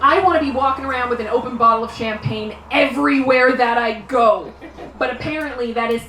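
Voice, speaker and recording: A woman from Canada performing a live stand-up comedy set, chatty and rambling, with quick asides and mock complaints. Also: fairly high pitch, pushed and bright, a little hiss or hum. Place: live show at a small guesthouse venue. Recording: roomy distant live room sound.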